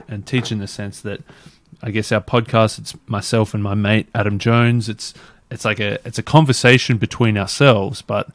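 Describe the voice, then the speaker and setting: A man's voice: fairly low pitch, no echo. A man guest on a podcast, talking casually and rambling with lots of fillers and restarts. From Australia. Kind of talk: casual interview chat.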